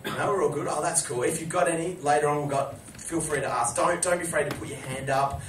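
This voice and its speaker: A man hosting a live chat show, telling stories to an audience and breaking into loud shouted impressions. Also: fairly high pitch, fast, a little hiss or hum. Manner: animated storytelling with shouted impressions. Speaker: host. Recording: echoey room from far off, crowd.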